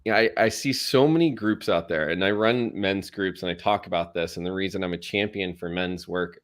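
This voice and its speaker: A man hosting an interview, enthusiastic and quick to laugh. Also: low voice. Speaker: host. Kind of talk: conversational interview.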